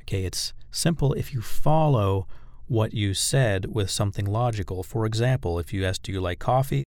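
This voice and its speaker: Guy with a low gravelly voice teaching dating tricks, acts out the lines, dry close sound. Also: moderate pace, a little mellow, no echo. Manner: demonstrates phrases by acting them out; direct, coaching address to the listener. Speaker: dating and persuasion coach. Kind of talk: instructional talk.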